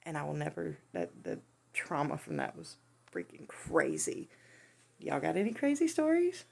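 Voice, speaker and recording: A woman telling a funny personal story in a casual, animated way, often laughing. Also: sits low, normal speed, vocal fry, husky. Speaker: vlogger.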